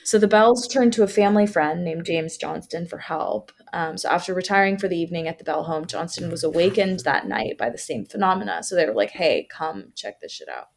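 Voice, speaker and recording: Woman podcaster, lowish voice, reads a ghost story then goes off on casual little asides. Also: fairly quick, gravelly, few pauses, slight background noise. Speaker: podcast co-host. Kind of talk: casual storytelling of local legends.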